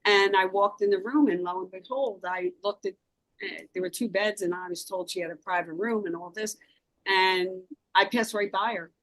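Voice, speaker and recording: A woman's voice: medium pitch, normal speed, dry recording, rough recording. A woman from South Philadelphia with a Philadelphia accent, a guest author telling an intense personal story in an emphatic way. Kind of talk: interview storytelling.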